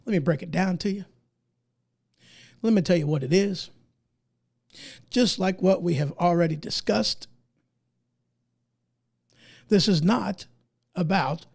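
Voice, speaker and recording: Indignant gravelly-voiced man, losing his voice. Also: sits high, a little mellow. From United States. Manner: emphatic, indignant, folksy. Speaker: podcast host. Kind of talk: opinion commentary, reading articles aloud.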